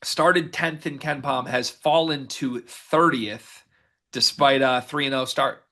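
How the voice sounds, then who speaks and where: A man's voice: mid-range voice, steady tone, takes it slowly, bright, forceful tone. A man co-hosting a sports podcast, reading out stats and setting up each question in casual chat. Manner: runs the segment, reads stats and sets up each question. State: hiccuping. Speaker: podcast co-host.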